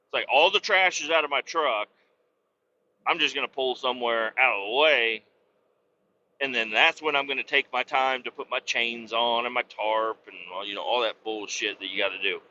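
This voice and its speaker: A man's voice: medium pitch, normal speed, bright, forceful tone, a little hiss or hum. A man driving a truck and hosting a podcast, telling a profane, self-mocking story in a casual rambling way, a little wheezy. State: slightly wheezy. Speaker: truck driver and podcast host. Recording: slightly dull lo-fi sound.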